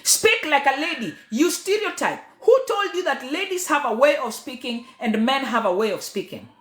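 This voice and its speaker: Emphatic woman speaker, lively high voice. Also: normal speed. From Kenya. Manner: emphatic, preacher-like, swings between loud and quiet. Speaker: teacher, public speaker and MC. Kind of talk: passionate monologue to followers. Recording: echoey room.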